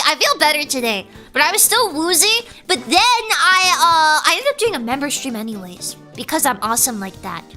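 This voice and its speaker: Woman streaming, bright sharp voice, rambly and restarting sentences, reads chat out loud. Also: extremely high pitch. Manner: animated, rambling, self-interrupting, reads chat aloud. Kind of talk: casual livestream chat.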